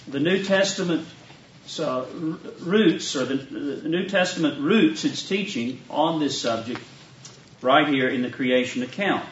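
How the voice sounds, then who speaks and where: A Southern man pastors his flock, reading scripture then teaching in a measured sermon voice. The sound is roomy and distant, as if taped from the back of a meeting hall. The recording itself is dull and muffled. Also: mid-range voice, a little hiss or hum. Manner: measured, reads scripture aloud then preaches. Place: church retreat meeting room. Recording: echoey, distant, dull live church recording.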